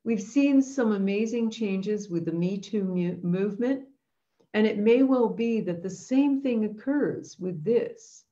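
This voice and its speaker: A woman's voice: mid-range voice, a little slow, warm tone, muffled recording. A woman hosting an intention webinar, telling a story in an earnest, reflective way. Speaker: host leading an intention webinar.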